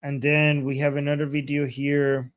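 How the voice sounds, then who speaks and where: A man on a video call giving live commentary on protest videos, excitable and often exclaiming as he translates chants. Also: fairly high pitch, moderate pace, over loud music. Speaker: guest commentator. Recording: loud background noise.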